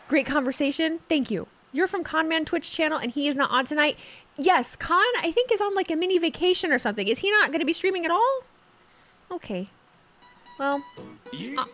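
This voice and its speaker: A woman's voice: high voice, fairly bright tone. A young woman chatting casually on a live stream, sarcastic and talkative, reading chat messages aloud.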